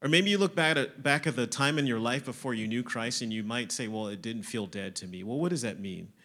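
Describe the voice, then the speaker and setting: A man preaching a sermon, explaining scripture, asking questions and answering them himself, moving between emphatic lines and quieter ones. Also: mid-range voice, fairly quick. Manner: explanatory, asks and answers his own questions.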